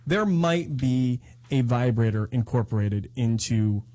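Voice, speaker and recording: A man's voice: mid-range voice, expressive, measured pace, warm tone. A married man co-hosting a casual talk show, cracking teasing jokes. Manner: wisecracking, teasing. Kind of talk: casual comedic banter.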